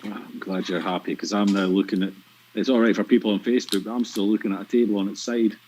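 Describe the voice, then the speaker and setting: A man's voice: fairly low pitch, fairly even intonation, quick pace, a little mellow, a little hiss or hum. A man with a Scottish accent commentating on a pool match, dry and teasing as he explains shots. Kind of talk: live sports commentary with banter. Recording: lo-fi stream audio.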